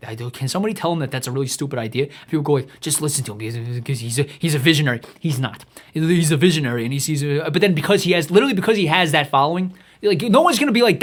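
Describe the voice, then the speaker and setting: On his own podcast, a man with a high-pitched, slightly bright voice goes on an exasperated, mocking comedic rant packed with profanity, rambling, and restarts.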